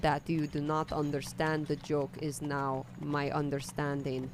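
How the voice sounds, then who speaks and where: A woman voicing a stiff, overly formal nun who speaks with a slight Swedish accent, awkward and halting. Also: sits low, completely flat delivery, background noise, pitched below the performer's own voice. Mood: flustered.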